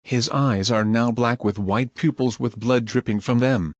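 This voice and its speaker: A man narrating scripted scene recaps in a plain, even manner. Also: mid-range voice, a little slow, no echo, dull audio.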